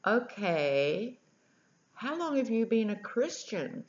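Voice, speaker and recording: A woman voicing a friendly but awkward American woman who talks loudly and slowly. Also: very deep voice, big pitch swings, roomy sound, full character voice. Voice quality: loud and slow. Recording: dull lo-fi audio.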